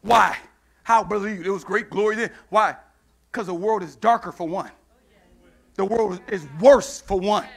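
A man preaching a sermon in church, acting out Bible dialogue in call-and-response style and building into shouts. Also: high-pitched, unhurried. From United States.

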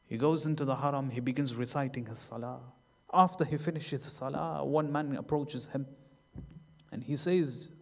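A man preaching a sermon, telling a story in turns loud and emphatic, then hushed and low. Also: moderate pace, big-room sound. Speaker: sheikh. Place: mosque hall.

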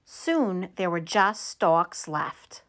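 A woman reading a children's picture book aloud, telling the story in an animated, expressive way. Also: fairly low pitch, very slow. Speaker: storytime reader.

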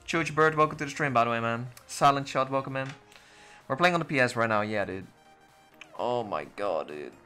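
A man's voice: mid-range voice, expressive, fairly quick, bright, forceful tone, clear, resonant tone, soft background music. A man livestreaming a shooter game, talking in an exasperated, swear-heavy casual rant to his viewers. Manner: exasperated, swearing, ranting after a loss. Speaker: gaming livestreamer. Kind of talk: casual live commentary.

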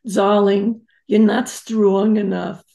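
A fretful, controlling old European mother pleads that her grown daughter is not strong enough, as an older woman puts her on. The voice is gravelly and dark, with heavy fry. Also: mid-range voice, level tone, slow, reverberant.

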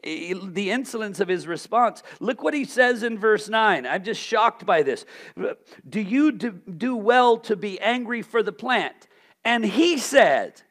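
A male pastor preaching a sermon, asking rhetorical questions and swinging from loud emphasis to hushed tones. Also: high-pitched, lively intonation, a little slow.

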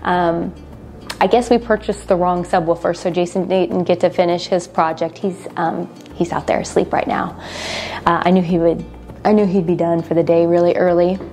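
A middle-aged woman vlogging in a casual, chatty way, tired and unwell, a little emotional, with fillers and soft laughs. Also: lowish voice, flat delivery, normal speed, faint music behind. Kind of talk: casual vlog chat to camera.

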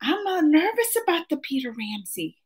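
A high-pitched woman chatting live with her viewers from home. She talks in an excitable, rambling way, laughing often and answering her chat. Her voice bounces up and down a lot. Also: moderate pace. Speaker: livestream host. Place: at home, just woken up.

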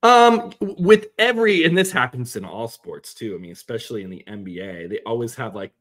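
A man's voice: medium pitch, lively intonation, a little fast, fairly bright tone. A man co-hosting a podcast, chatting casually about sports in a rambling way with lots of fillers. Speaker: podcast co-host.

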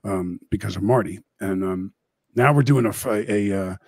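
A man's voice: lowish voice, normal speed, husky, no echo. A middle-aged man hosting a talk show, telling rambling anecdotes in casual chat.

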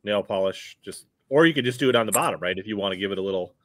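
A man's voice: lowish voice, very fast, no echo, studio quality. A man hosting a casual live stream, chatting with his guest and reading out viewer comments. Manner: reads viewer comments aloud, lively back-and-forth.

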